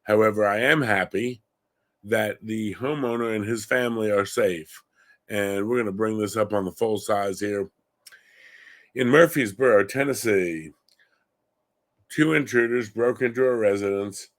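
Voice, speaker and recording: A middle-aged man from Long Island, New York, hosts a gun-focused show and delivers opinionated, indignant commentary that rises to heated emphasis. His voice is fairly low, a little slow, and a bit bright.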